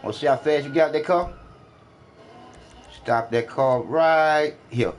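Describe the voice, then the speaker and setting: A man's voice: on the high side, a little slow. A man trash-talking another player during an online game, taunting and mocking with repetitive jeers.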